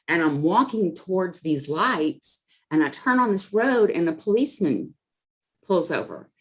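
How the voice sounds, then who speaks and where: A middle-aged woman telling her personal recovery story as a podcast guest, earnest and emotional, with many fillers. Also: low-pitched.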